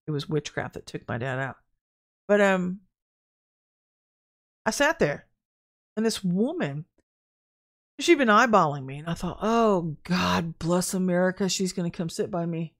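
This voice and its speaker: A woman's voice: medium pitch, vocal fry. Candid woman preaching in a chatty tone. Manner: candid, conversational, animated storytelling. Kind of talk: informal online sermon. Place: at home, in front of a camera.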